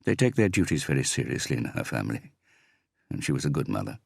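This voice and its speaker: A man voicing a wealthy, evasive property investor in an audiobook, with a croaky, slightly wobbly voice and a defensive, dismissive way of talking. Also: extremely low pitch, very animated, fast, dry recording, studio quality, heavily acted. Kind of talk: audiobook character reading.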